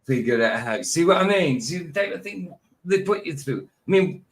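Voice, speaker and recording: A man from Scotland with a northeast Scottish Doric accent, hosting a livestream in relaxed, chatty conversation. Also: high-pitched, moderate pace. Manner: relaxed, chatty, laughs often. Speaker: show host. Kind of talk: casual chat on a livestream.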